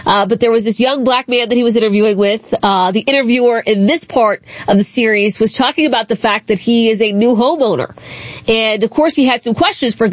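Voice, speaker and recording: A woman hosts a talk show in a nasal, high-pitched voice. She talks casually and sarcastically and laughs often. The sound is dry and close, with no room echo. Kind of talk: casual political commentary.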